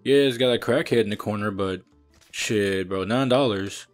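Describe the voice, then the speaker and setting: Low-voiced man ranting over a game. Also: moderate pace, faint music behind. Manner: loud exasperated slangy rants, frequent cursing. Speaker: gaming streamer. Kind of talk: let's play commentary.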